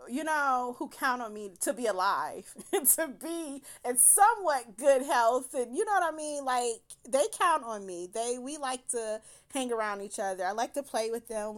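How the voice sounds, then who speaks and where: A woman's voice: fairly high pitch, a bit bright. A woman casually telling a personal story, swearing freely and laughing through her words.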